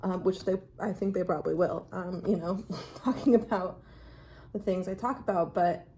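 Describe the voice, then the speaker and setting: A woman chatting casually and reflectively in her bathroom while drawing oracle cards, often dropping to a hushed voice. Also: fairly low pitch, fairly even intonation, normal speed, slight background noise. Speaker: vlogger reading oracle cards. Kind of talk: casual rambling chat. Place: home bathroom.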